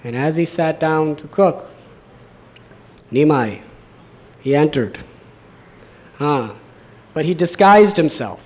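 A man telling a devotional story as a sermon, in an animated manner with many repetitions. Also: a little high. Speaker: storyteller, preacher.

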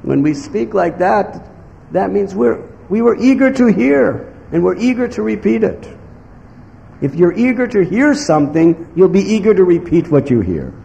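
A man giving a devotional sermon in slow, emphatic phrases, now and then acting out what others might say. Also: sits high, very animated, vocal fry, warm tone, muffled recording. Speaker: spiritual teacher. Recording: echoey hall with faint background noise.

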